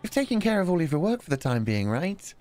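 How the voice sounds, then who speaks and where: A man's voice: a little high, big pitch swings, fast, darkish tone, in a large hall, soft background music, voice pushed up. A man voicing a determined young woman who searches for her lost lover, reading a visual novel aloud. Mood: playful.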